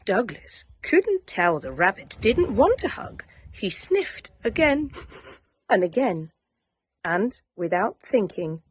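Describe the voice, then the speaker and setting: Soft, breathy woman reading a bedtime story. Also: mid-range voice, big pitch swings, slow, no room sound. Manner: soft, hushed and soothing, drifting into whispers.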